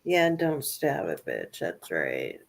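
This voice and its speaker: A woman's voice: rumbling low, wildly swooping pitch, slow pace, creaky. A woman co-hosting a casual talk show, agreeing and adding short remarks. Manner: agreeable, chiming in briefly. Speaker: co-host. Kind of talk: casual chat.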